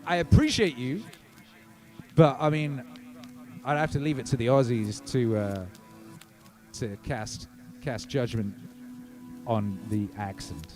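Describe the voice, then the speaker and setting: A man hosting a music livestream, chatting casually and reading viewer comments aloud, hyped and profane, swinging between shouted shout-outs and low murmurs. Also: a little slow, long pauses.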